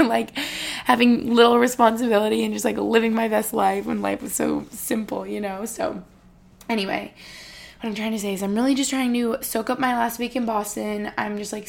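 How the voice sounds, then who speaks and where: Casting note: twenties, female vlogger, some vocal fry, chatty and sentimental. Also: medium pitch. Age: 20s. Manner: chatty and emotional, lots of "like". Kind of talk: casual vlog chat.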